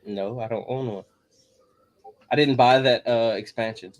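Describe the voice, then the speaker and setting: A man in the middle of his range, chiming into an anime podcast with dry quips. His talk is casual and laid-back, with deadpan asides. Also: medium pitch, a little slow, no echo. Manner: dry, wisecracking. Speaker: podcast co-host. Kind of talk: casual anime review chat.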